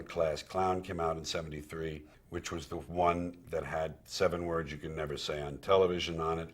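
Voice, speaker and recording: A comedian recalling his career in candid, profane storytelling, acting out what he once said. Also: deep voice. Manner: candid and profane, acts out quoted dialogue. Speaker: stand-up comedian.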